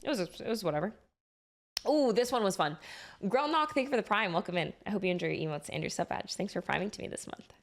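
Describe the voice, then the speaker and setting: A woman's voice: mid-range voice, expressive, fast. A young woman streamer chatting casually with her live chat, swearing freely and often restarting her sentences.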